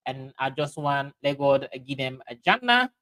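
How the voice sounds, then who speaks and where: A man with a Sierra Leonean Krio accent hosting a livestream, reading out viewer comments in halting speech full of fillers and restarts. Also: medium pitch, big pitch swings, pushed and bright, rough recording. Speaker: livestream host.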